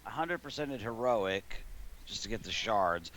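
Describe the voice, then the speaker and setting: A man's voice: on the low side, expressive, normal speed, fairly bright tone, slight background noise. Rambling, laughing man telling a long story. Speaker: gaming streamer. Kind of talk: casual stream chat, storytelling. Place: living room at home.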